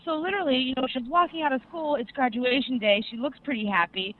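A young adult co-host excitedly rambling through an anime recap in casual podcast chat, full of fillers. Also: high voice, fast. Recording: tinny phone-like sound.

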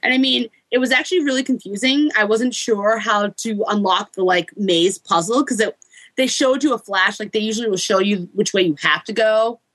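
A woman's voice: mid-range voice, fairly bright tone, no echo, rough recording. Woman on a game podcast, chatty, tells the story with little voices, dry close sound. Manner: chatty, retells scenes with quick mock voices and laughs. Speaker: podcast co-host reviewing a game. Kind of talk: casual chat.

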